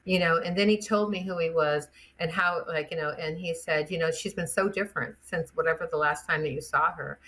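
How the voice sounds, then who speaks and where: An older woman with a lowish voice tells stories from her years as a chiropractor. She is animated and laughs easily, and she slips into the voices of the people she is describing. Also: a little fast, few pauses. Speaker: guest chiropractor. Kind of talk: anecdotal storytelling.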